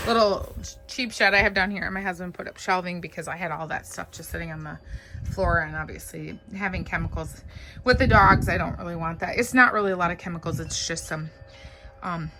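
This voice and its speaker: A woman with a scratchy voice giving a casual, rambling walkthrough of her backyard garden, filmed on a phone outdoors. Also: fairly low pitch. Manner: chatty, rambling, talks to her dogs. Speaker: vlogger giving a garden tour.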